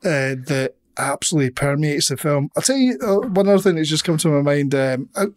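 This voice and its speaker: Male podcast co-host, slightly higher voice, loose rambling delivery with swearing. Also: expressive, fairly quick. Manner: rambling, swears, laughs often. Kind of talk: casual film review chat.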